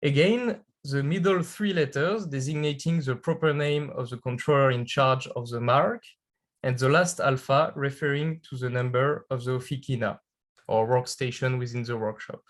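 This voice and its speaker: A man with a French accent reading an academic paper aloud on a video call, careful and measured, with small restarts. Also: mid-range voice. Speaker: conference speaker.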